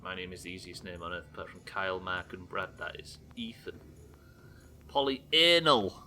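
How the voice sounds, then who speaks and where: A man's voice: low-pitched, little pitch movement, fast. A young man streaming a video game live, swearing freely and chatting with viewers as he plays. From Britain. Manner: sweary, chatty, reading chat aloud. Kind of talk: live gameplay commentary.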